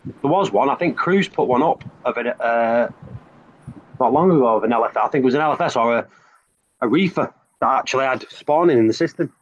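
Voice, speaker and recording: A man hosting a casual group chat on a stream, with an energetic, teasing delivery. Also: medium pitch, brisk, dull audio.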